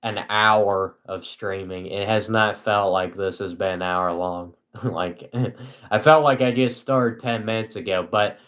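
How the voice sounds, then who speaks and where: Monotone, slow-talking young man streaming. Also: fairly low pitch. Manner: monotone and dry, self-mocking. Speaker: live streamer. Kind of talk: casual live stream chat.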